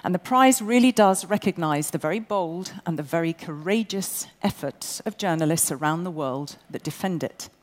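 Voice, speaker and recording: Bossy woman presenting in a hall. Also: fairly low pitch. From England. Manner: bossy, brisk and jokey with the audience. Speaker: award ceremony presenter. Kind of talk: live event presenting. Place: large indoor event venue. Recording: long reverb in a large event hall.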